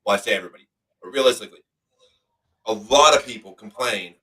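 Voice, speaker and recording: Bright-voiced, emphatic male podcast host. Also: mid-range voice, animated, fast, pauses often, recorded from a distance, rough recording. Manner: emphatic, motivational, swears freely. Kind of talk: casual chat.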